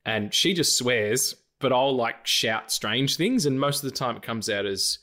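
A man's voice: mid-range voice, animated, unhurried, pushed and bright. A man in his late thirties co-hosting a podcast, chatting loosely with swearing, laughs and restarts. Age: late 30s. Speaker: podcast co-host. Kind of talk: casual chat.

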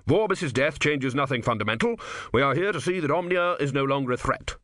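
A man's voice: mid-range voice, lively intonation, fairly quick, a bit bright, dry recording, clean studio sound, natural voice. A man playing a curt, stern commander. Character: cold, curt male enemy commander.

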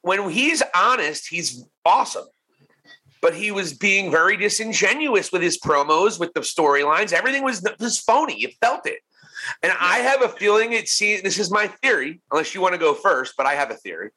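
Lively bright-voiced man chatting on a podcast. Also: high voice, slightly rough, low-quality recording. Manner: animated, laughing, mimics people in quick impressions. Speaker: podcast co-host. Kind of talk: casual wrestling podcast chat.

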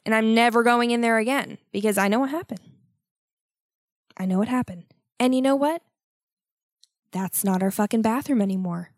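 A young woman tells a story on her own podcast, swearing freely and piling on mock-dramatic exasperation. Her voice sits a little high. The recording is dry, with no room sound. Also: normal speed, long pauses, dry recording. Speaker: podcast host.

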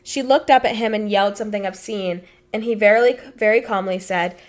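On her podcast, a young female co-host reads stories out loud and talks in a blunt, matter-of-fact way, casually swearing. Her medium-pitched voice comes fairly quickly with few pauses.

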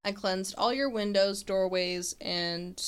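A woman's voice: medium pitch, slow, smooth. A tipsy woman co-hosting a podcast, reading ghost stories from a script with laughing asides and the odd swear word, then sliding into loose chat. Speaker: podcast co-host.

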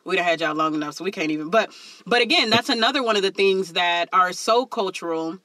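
A man co-hosting a casual chat, telling school stories in an animated, slangy way and laughing often. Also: sits high, fast talker, no room sound, low-quality recording. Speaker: school staff member and podcast co-host.

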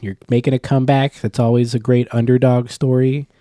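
A man's voice: medium pitch, level tone, brisk, mellow, dry recording, clean studio sound. A man co-hosting a podcast from a room at home into a stand microphone, trading jokes and teasing. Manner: joking, teasing banter. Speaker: podcast co-host. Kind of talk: casual chat.

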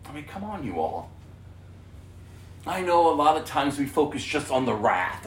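Preacher, male, fairly high and very animated delivery, emphatic, echoey sanctuary sound. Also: normal speed, long pauses, far from the mic. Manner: impassioned, emphatic, swings from hushed to loud. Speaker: pastor. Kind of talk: sermon.

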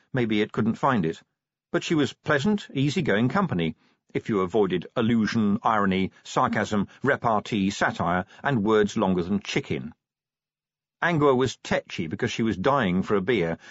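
A man's voice: fairly low pitch, husky, no room sound, muffled recording. A man narrating a comic audiobook with wry, dry timing.

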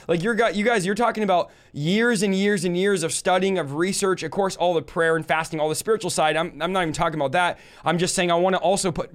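A young man hosting a livestream, talking with enthusiasm and speaking straight to his viewers. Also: high-pitched. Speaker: host. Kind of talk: casual livestream talk.

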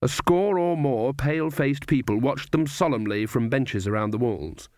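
A man narrating a comic fantasy audiobook in a dry, measured storytelling manner. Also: mid-range voice, darkish tone, no room sound. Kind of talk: scripted narration.

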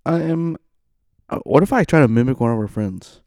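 A man's voice: medium pitch, lively intonation, moderate pace, darkish tone, no room sound. Laughing, teasing man on a dry mic. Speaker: podcast co-host. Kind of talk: casual chat.

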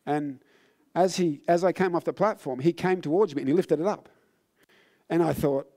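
A man preaching with a voice pitched a little high. He speaks earnestly and sounds a little tired. His sermon climbs into fervor and then sinks to low, solemn exhortation. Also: expressive, normal speed, darkish tone. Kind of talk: sermon with personal testimony.

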